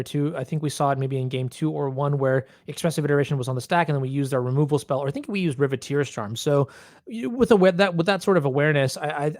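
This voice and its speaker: A man's voice: mid-range voice, no room sound. A man commentating a card game tournament, explaining rules and plays with many fillers.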